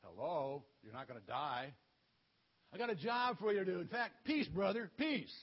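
A man voicing God as a calm, commanding male deity who gives casual, matter-of-fact orders in a children's Bible story. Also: high-pitched, normal speed, husky, lo-fi sound, heavily acted. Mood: reassuring.

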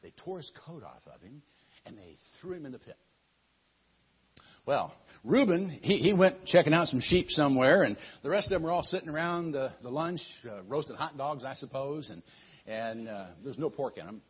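Brief: folksy male storyteller, husky voice, sing-song, muffled lo-fi recording. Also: on the high side, lively intonation, moderate pace. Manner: folksy, stumbling, with asides. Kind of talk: casual Bible story retelling.

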